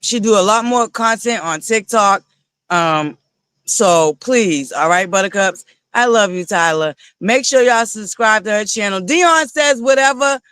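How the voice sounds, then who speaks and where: A man hosting a live reality-TV review stream, talking in an animated, sassy way with frequent swearing and digressions. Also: sits high, unhurried, clean tone, no echo. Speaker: livestream host reviewing reality TV. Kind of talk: casual livestream commentary.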